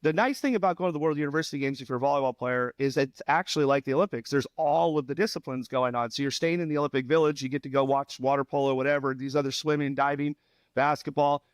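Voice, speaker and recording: A man in his fifties, a former volleyball player, telling animated stories on a podcast with laughs and acted-out quotes. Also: medium pitch, fast, no echo. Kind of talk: casual storytelling chat.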